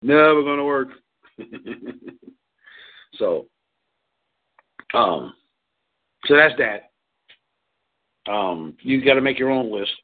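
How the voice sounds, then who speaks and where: Man, mid-pitched voice, rambling relationship advice, stumbles over words, phone-like sound. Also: expressive, takes it slowly, pauses often. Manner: rambling, repeats words, laughs often. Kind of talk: casual advice chat. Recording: tinny phone line.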